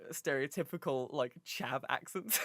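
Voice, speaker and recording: A man's voice: mid-range voice, measured pace, fairly bright tone, no room sound. A young man co-hosting a live-streamed podcast, chatting casually and rambling, with lots of fillers and restarts.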